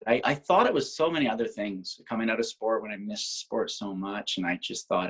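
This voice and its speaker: Over a rough video-call recording, a former Olympic triathlete from Canada, in his forties, chats casually as an interview guest. He speaks a little fast in a husky, fairly low, animated voice, and his reflective stories keep stopping and starting over.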